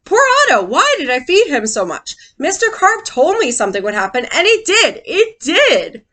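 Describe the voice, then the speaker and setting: A woman's voice: very animated, moderate pace, a bit bright. Woman doing a frantic small boy. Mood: pleading. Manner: pleading, raises pitch for the boy. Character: anxious young boy who overfed his fish.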